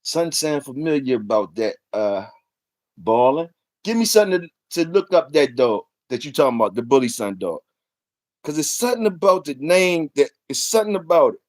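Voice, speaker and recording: A man's voice: a little high, sing-song, moderate pace, a little mellow, no room sound. A man, hosting a casual livestream, ranting in a profane, repetitive and emphatic way. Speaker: livestream host.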